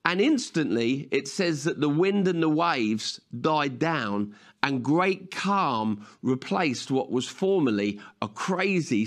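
A man pastor preaching a sermon, retelling a story in a conversational, vivid way. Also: fairly high pitch.

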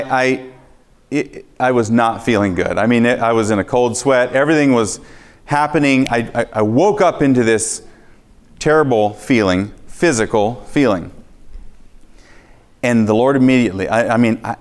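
A man preaching a sermon, telling a personal testimony in a lively storytelling way and acting out his own reactions. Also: medium pitch.

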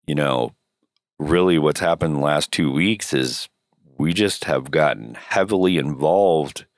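A man with an extremely low voice, made hoarse and rough by a cold. He co-hosts a podcast in loose, rambling chat, tossing in jokes as he goes. The sound is dry and close, with no room around it. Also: dry recording. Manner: rambling, joking. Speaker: podcast co-host. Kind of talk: casual chat.

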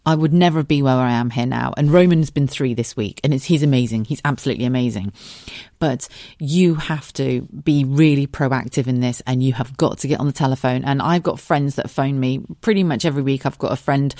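A woman's voice: rumbling low, darkish tone, dry recording, clean studio sound. A woman hosting a podcast, telling her own story in a frank, sweary, conversational way. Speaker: podcast host. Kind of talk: candid personal monologue.

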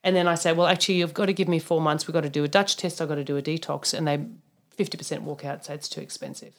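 Blunt, animated woman. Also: low voice, rapid-fire. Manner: animated, blunt, tells client stories with mild swearing. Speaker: naturopath, podcast co-host. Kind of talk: casual podcast chat.

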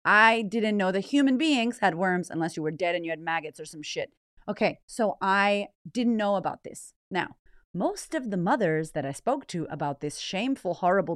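A woman's voice: mid-range voice, no room sound, studio quality. Foul-mouthed woman podcaster. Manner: swears freely, dramatic and animated. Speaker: podcast host. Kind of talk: raw confessional storytelling. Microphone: podcast microphone.

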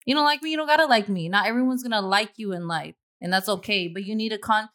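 A woman's voice: mid-range voice, quick pace, fairly bright tone. A woman hosting a casual podcast chat, telling a story bluntly and swearing freely. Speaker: podcast host.

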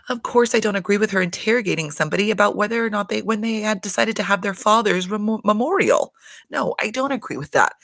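A woman recapping a reality show in casual, animated chat, swearing freely and laughing often. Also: mid-range voice, vocal fry, no room sound. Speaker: reality TV commentator.

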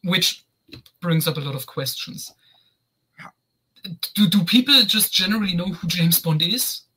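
Husky bright-voiced man. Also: high-pitched, unhurried, low-quality recording. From Germany. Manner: wry, chuckling asides. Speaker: podcast co-host. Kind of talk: casual film review chat.

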